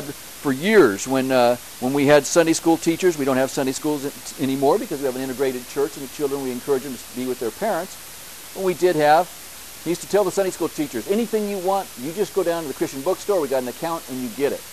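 A man preaching a church sermon, building to emphatic, repeated bursts and then dropping back to a quieter teaching tone. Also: a little high, a little hiss or hum, low-quality recording. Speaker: pastor.

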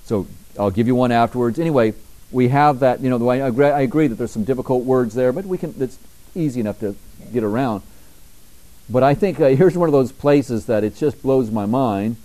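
A male pastor delivers a sermon in church with a warm, mellow tone. He reads scripture slowly and forcefully, climbing in pitch on key words. Between verses he drops into quieter, conversational asides. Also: poor audio.

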